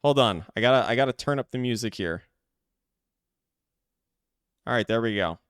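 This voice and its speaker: A man's voice: medium pitch, expressive, normal speed, a bit bright, no room sound, studio quality. A man streaming a game live, chatting casually with his viewers and calling out dice rolls. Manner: chatty, talks to chat, rolls dice aloud.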